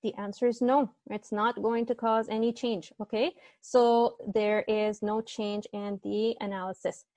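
A young woman works through a grammar lesson over a computer mic. Her voice sits a little high and sounds dry and close. She hesitates, restarts and apologizes as she explains. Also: little pitch movement, measured pace, few pauses, warm tone, no echo. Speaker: teaching assistant. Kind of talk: online grammar tutorial.

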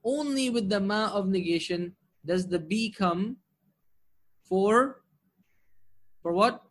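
A man's voice: sits high, takes it slowly, fairly bright tone. A man teaching Arabic grammar in an online class, explaining patiently, asking the class rhetorical questions and reciting Quranic verses fluently between his English explanations. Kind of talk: online lesson with shared screen.

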